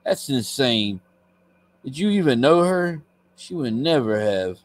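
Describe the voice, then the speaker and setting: A man reading the lines of a defiant young woman, a queen's former double, in a plain, flat way. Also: medium pitch, unhurried, lightly acted.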